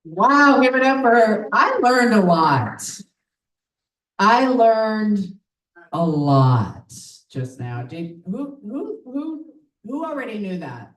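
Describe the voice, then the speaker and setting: Woman host, chatty crowd work, lively pitch; echoey room, mic at a distance. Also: slow pace. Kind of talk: live show hosting. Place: live venue in front of an audience. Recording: roomy audience mic from a distance.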